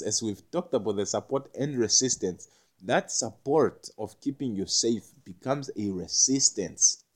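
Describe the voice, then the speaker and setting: A man giving a casual spiritual talk, rambling, restarting his words often and swinging between quiet and loud. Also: mid-range voice. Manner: acts out little quoted voices with gasps and curses.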